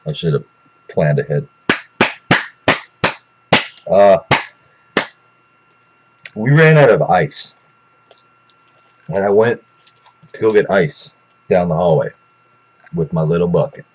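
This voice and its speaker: A man's voice: low voice, measured pace, long pauses, muffled recording, noisy background. A man telling a rambling, profane story in a casual way, with lots of restarts.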